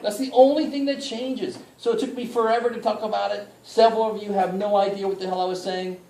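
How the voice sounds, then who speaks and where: In an echoey room recorded from afar, with slight background noise, a man teaches college math in a high-sitting, creaky, warm voice with fairly even intonation, talking fast. His casual lecture is loose and joking, with mild swearing and frequent appeals for the class to help out.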